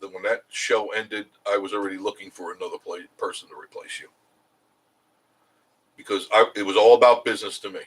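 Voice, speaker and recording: A man's voice: fairly low pitch, fairly even intonation, fairly quick, low-quality recording. A middle-aged man hosting a casual live stream, rambling and chuckling as he answers viewer comments.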